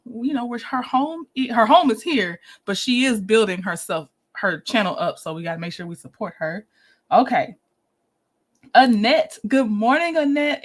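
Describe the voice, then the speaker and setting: A woman's voice: sits high, fairly bright tone. A woman hosting a casual livestream, chatty and giggly, greeting viewers one by one. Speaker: livestream host.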